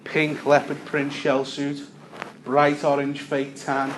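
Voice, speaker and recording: A young man from Liverpool with a Liverpool accent doing a stand-up set, deadpan storytelling with punchlines. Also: mid-range voice, takes it slowly, slight background noise. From Liverpool, England. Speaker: stand-up comedian.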